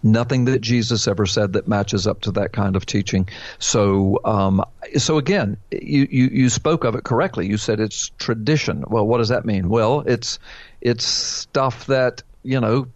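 A man's voice: fairly low pitch, a little slow, dry recording, lo-fi sound. A man hosting a call-in show as a pastor, preaching emphatically, quoting scripture and asking rhetorical questions. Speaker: pastor answering a caller.

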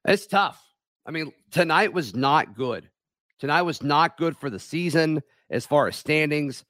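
A man hosting a casual sports talk stream, hoarse from yelling, rambling with many fillers and restarts. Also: a little high, animated, a little slow, dry recording, clean studio sound.

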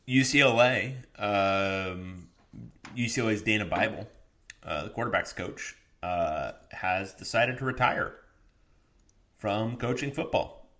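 Male co-host, lowish voice, laid-back, filler-heavy sports chat. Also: slow pace. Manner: relaxed, many ums, dry humor.

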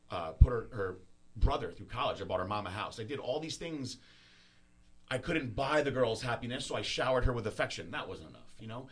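A man hosting a podcast, talking in a candid, halting, openly emotional way and swearing casually. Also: medium pitch, breathy edge. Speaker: podcast host.

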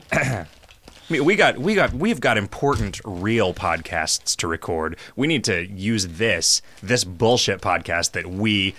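A man's voice: fairly low pitch, sing-song, measured pace, bright, forceful tone. A man hosting a podcast, chatting casually and rambling into long jokey explanations. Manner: rambling, joking, explains at length. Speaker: podcast host. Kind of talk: casual chat over a call.

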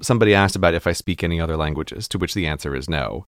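An American man chatting casually on a podcast, animated and laughing often. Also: sits low, racing, no room sound, studio quality. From United States.

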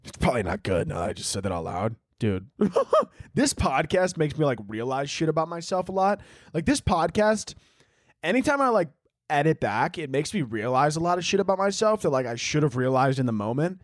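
A man's voice: fairly high pitch, very animated, a little fast, dry recording, studio quality. A young man hosting a solo podcast, rambling and joking crudely, filling his talk with "like" and "dude". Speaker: podcast host.

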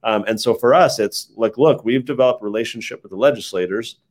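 A man guesting on an interview show, telling stories in a relaxed, casual way with lots of "like" fillers. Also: medium pitch, fast talker. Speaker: interview guest, think tank head. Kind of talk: casual conversational storytelling.

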